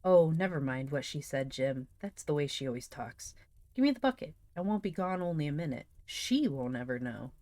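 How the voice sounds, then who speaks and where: A woman's voice: deep voice, expressive, normal speed, mellow, dry recording. A woman reading aloud and voicing a mischievous young boy who coaxes a friend into a deal, in a storybook reading. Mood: coaxing. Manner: coaxing, wheedling.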